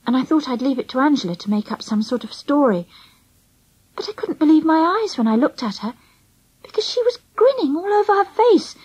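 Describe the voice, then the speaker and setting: A woman narrating a children's storybook in the first person, lively and expressive. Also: high voice, rough recording. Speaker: audiobook narrator.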